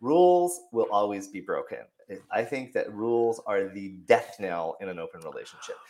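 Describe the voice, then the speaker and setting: Chatty low-voiced Canadian man. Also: animated, normal speed, warm tone. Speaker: guest, relationship coach. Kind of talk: casual podcast conversation.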